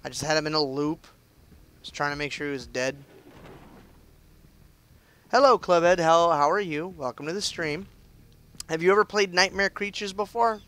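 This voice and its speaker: A man's voice: a little high, normal speed, long pauses, a bit bright. A young man chatting loosely through live gameplay commentary, with lots of fillers and restarts. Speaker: game streamer.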